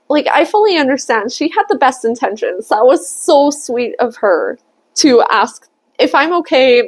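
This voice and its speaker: A woman telling a personal story in a candid, chatty way, swearing freely and laughing often. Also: sits high. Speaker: tarot reader and vlogger. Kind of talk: casual storytelling.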